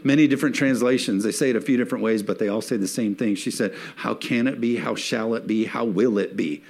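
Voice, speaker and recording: A man's voice: fairly low pitch, fast talker, a little mellow. A man preaching a sermon in a church, reading scripture and rising to emphatic peaks as he calls on the congregation to respond. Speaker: pastor.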